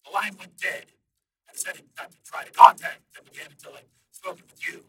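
A male narrator voicing a computer intelligence that talks like a man on the phone, calm and a little smug. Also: sits high, a little fast, vocal fry, distant mic, slight background noise, voice pushed up, heavily acted.

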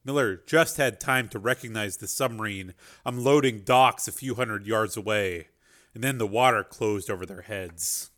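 A man's voice: on the low side, moderate pace, fairly bright tone. A man narrating a chapter of an adventure novel as an audiobook reader. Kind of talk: scripted narration.

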